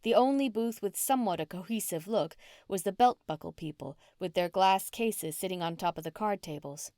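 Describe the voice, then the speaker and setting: A woman narrating a cozy mystery audiobook in the first person, in a steady storytelling manner. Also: medium pitch, normal speed, no echo, studio quality.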